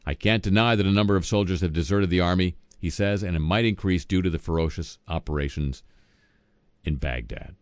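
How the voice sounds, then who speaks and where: A man's voice: deep voice, brisk, no room sound. A man reading satirical news as host, dropping sardonic, wisecracking asides between items.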